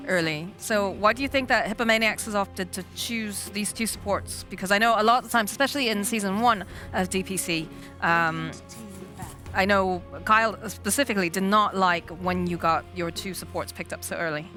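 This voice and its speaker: A woman's voice: mid-range voice, moderate pace, bright, forceful tone, soft background music. A woman hosting a live esports desk who asks the analysts probing questions.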